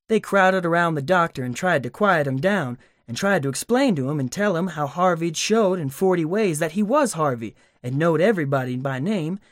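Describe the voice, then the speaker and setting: A man narrates an audiobook with a folksy storytelling manner. His voice sits somewhat high for a man. The close microphone gives a dry sound with no room echo.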